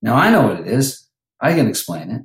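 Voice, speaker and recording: A man's voice: mid-range voice, big pitch swings, a little fast, echoey room, poor audio. A man who works as a vocal coach, talking animatedly in a podcast interview and breaking into sung lines now and then.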